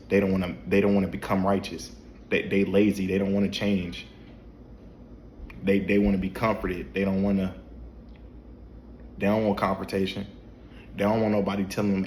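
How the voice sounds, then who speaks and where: His delivery is completely flat: a low, darkish voice at a moderate pace, broken by long pauses. The man gives a casual spiritual talk to camera in a dim room at home at night, repetitive and preachy, with restarts and rhetorical questions. Echo and slight background noise are present.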